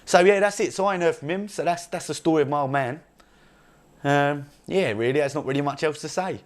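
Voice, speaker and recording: A man's voice: fairly high pitch, fairly quick, close to an everyday voice. A man playing a brash, crude young male chav from Essex, rambling boastfully in an improvised comedy monologue with an Essex accent. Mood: mocking. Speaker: comedy character.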